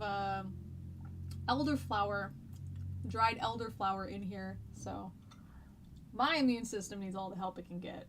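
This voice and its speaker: A woman's voice: medium pitch, fairly bright tone, slight background noise. Chatty American woman teaching live. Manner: chatty and rambling, with frequent ums and laughs. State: stuffy nose and cough. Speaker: history teacher. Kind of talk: casual live-streamed lesson.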